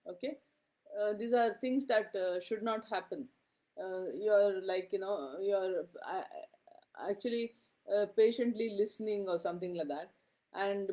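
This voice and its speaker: A woman's voice: medium pitch, mellow. A middle-aged woman giving a classroom lecture, speaking conversationally with many fillers and frequent "okay?" checks to her students.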